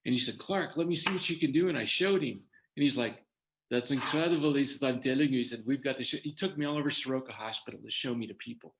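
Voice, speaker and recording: Older male guest, mid-pitched, animated storyteller in a talk. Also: fast. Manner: animated storyteller quoting others' words. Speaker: guest sharing his story.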